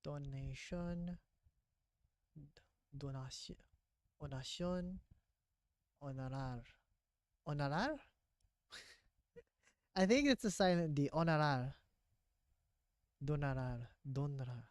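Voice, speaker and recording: A man's voice: fairly high pitch, lively intonation, slow, pauses often, no echo, studio quality. A man vlogging his language practice, thinking aloud and correcting himself as he goes. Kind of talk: casual vlog, practicing aloud.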